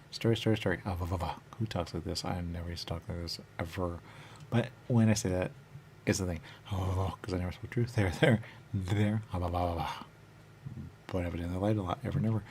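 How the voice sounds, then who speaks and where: Casting: deep-voiced man with gravelly fry, rambling trance-like monologue, repeats himself, halting delivery. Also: a little mellow, a little hiss or hum. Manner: repetitive, halting, circles back on phrases.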